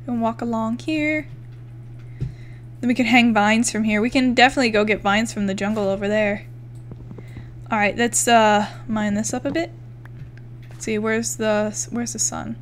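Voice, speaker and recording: A young woman gaming YouTuber gives casual let's-play commentary, chatting, swearing freely, and counting blocks aloud as she builds. Her voice is fairly high and steady at a moderate pace, with frequent pauses and slight background noise.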